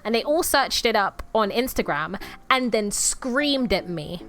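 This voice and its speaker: A young woman streaming and chatting casually, animated and self-deprecating, often breaking into laughter. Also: a little high, measured pace. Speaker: VTuber streamer.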